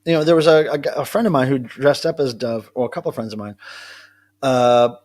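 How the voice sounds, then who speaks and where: A man's voice: medium pitch, a little fast, darkish tone. A man hosting a casual live stream from home, chatting in a rambling way and answering viewers' comments. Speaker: livestream host. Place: at home with his cats.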